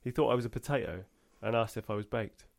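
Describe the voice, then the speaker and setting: Male podcast co-host, lowish voice, easygoing storyteller who laughs a lot. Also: fast talker, gravelly. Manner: laughs often, tells stories with a punchline. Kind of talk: casual podcast banter, reading listener stories.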